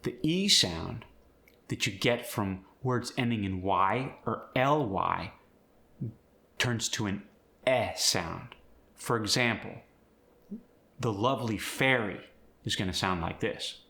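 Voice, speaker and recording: A man's voice: fairly low pitch, takes it slowly, vocal fry, long pauses, bright, forceful tone. A man teaching how to speak with a British accent, explaining the sounds and then demonstrating words in the accent. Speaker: acting and accent coach. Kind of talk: instructional video.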